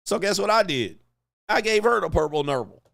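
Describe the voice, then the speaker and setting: A man telling a rambling high school story in casual commentary, swearing, laughing often and acting out what people said. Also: fairly quick, creaky, no room sound, clean studio sound. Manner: animated, profane, laughs often, acts out quotes. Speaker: commentary streamer.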